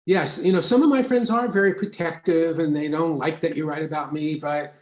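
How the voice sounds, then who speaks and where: On a live broadcast from an echoey writing studio, the host's husband joins as a guest for a casual chat. His voice is fairly high and a little fast, and he tells relaxed anecdotes full of ums, laughs and fillers, raising his voice whenever he quotes women.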